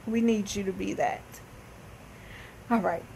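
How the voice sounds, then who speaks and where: A woman's voice: medium pitch, fairly even intonation, unhurried, vocal fry, dark tone, slight background noise, rough recording. Female motivational vlogger, heartfelt and faith-driven, emotional near tears, repetitive preaching rhythm. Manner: earnest, heartfelt, faith-based encouragement; emotional, holding back tears. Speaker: motivational speaker and host. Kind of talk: motivational vlog address.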